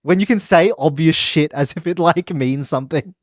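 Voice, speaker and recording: A man's voice: fairly high pitch, normal speed, dry recording, clean studio sound. A man chatting casually on a podcast, rambling with many "like"s and restarts. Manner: rambling, heavy use of "like", restarts. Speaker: podcast co-host and quiz contestant.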